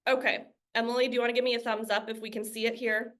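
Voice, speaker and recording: A woman's voice: fairly high pitch, flat delivery, quick pace, few pauses, a bit bright. A woman giving an interactive presentation as guest speaker over a video call, upbeat and inviting participation.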